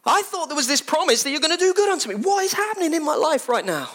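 Panicked, shouting fishermen. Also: male voice, sing-song, fast talker, full character voice. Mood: pleading. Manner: shouting, pleading, high-pitched. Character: terrified fisherman disciples, adult men, panicking.

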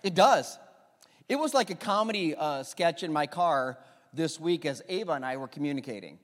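A man preaching a sermon as a pastor, telling stories in a lively way and having the congregation repeat phrases after him. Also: a little high, moderate pace. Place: church sanctuary. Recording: long reverb of a church hall.

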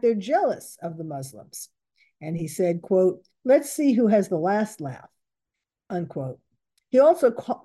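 A woman's voice: mid-range voice, mellow. A woman commenting on news reports, reading out quotes and stopping to correct herself.

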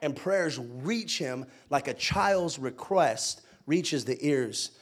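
Animated young male pastor preaching. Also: on the high side, takes it slowly, husky. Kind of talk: sermon.

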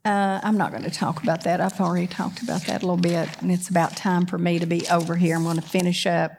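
A woman preaching a sermon. She swings between loud, emphatic preaching and quick conversational asides, often putting questions to the congregation. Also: on the low side, little pitch movement, vocal fry, a little hiss or hum.

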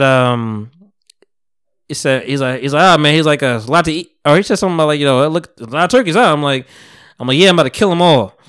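A man co-hosting a podcast in loose, casual chat. His voice sits fairly high for a man. He rambles through long stories, laughs often and acts out the people in them. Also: fairly bright tone, clean tone. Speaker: podcast co-host.

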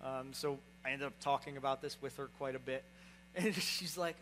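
A young adult man speaks fairly quickly at a medium pitch, his tone a bit bright, as he preaches a sermon as pastor. Conversational throughout, he repeatedly checks in with the congregation by saying "right?" It's a rough recording with a little hiss or hum.

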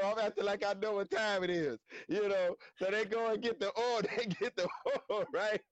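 A man telling a story in casual slangy talk on a live stream, animated and acting out quotes. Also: high-pitched, moderate pace, dry recording. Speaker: guest storyteller.

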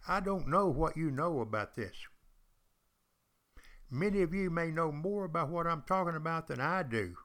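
A man's voice: fairly high pitch, lively intonation, moderate pace, a bit bright. An older man, hosting a podcast in a folksy, chatty storytelling monologue aimed straight at his listeners. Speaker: podcast host and retired college teacher.

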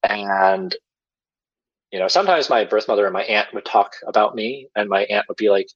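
Low husky man telling a story. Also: normal speed, highs cut off. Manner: rambling, filler-heavy, chuckles while talking. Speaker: podcast guest telling his story. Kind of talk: casual storytelling.

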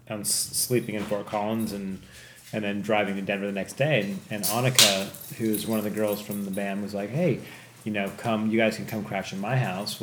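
Man, casual storytelling, rambling and profane, excited outbursts, echoey room, faint noise. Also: lowish voice. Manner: rambling, swears a lot, excited bursts at tense moments. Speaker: podcast host telling a story.

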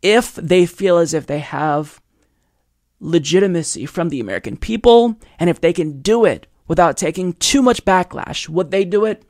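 A man's voice: high voice, animated, normal speed, a little mellow, no room sound, studio quality. A man hosting a political commentary show, talking straight to his viewers in an emphatic, persuasive monologue.

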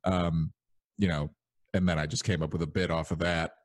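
Speaking at normal speed in a low, level tone, a young man hosts a podcast. His talk is casual and meandering, with long stories and plenty of filler words.

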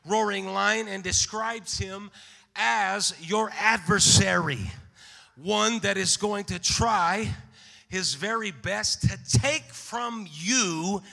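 A man preaching a sermon in a church, rising from steady teaching into fervent shouted exhortation. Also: high voice, takes it slowly, creaky. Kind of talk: Pentecostal-style sermon. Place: church sanctuary. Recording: long hall reverb.

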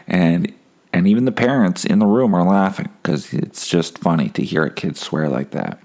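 A man's voice: low voice, moderate pace, a little mellow. A man hosting a casual solo podcast, rambling and wry, swearing freely. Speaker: podcast host.

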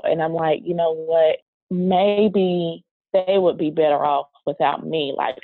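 A woman telling an emotional personal story in an interview, speaking in a halting, earnest way. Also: low-pitched, dry recording. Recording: dry, tinny phone-like sound.

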